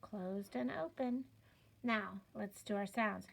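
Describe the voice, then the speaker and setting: Patient woman teaching phonics slowly. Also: mid-range voice, creaky. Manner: patient, encouraging, sounds out letters. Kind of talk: slow step-by-step reading lesson.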